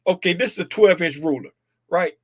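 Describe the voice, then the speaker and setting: Loud, playful man streaming, slightly high voice. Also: a little fast, no echo, studio quality. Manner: playful, chatty, jokes with viewers; talks loudly, breaks into sing-song bits. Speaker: host reviewing market futures. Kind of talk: casual livestream commentary. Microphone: desk mic about a foot away.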